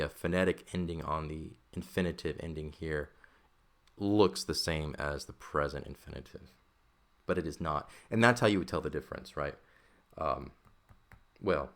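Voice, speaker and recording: Deep-voiced man teaching a language lesson. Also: creaky, fairly bright tone. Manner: explanatory, checks in with "okay" and "right"; thinks aloud, self-correcting. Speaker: Greek teacher.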